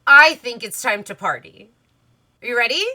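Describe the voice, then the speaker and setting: A woman's voice: on the high side, expressive, normal speed, sharp tone, pitched above the performer's own voice. A woman playing a gracious young princess hostess in a tabletop game. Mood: excited.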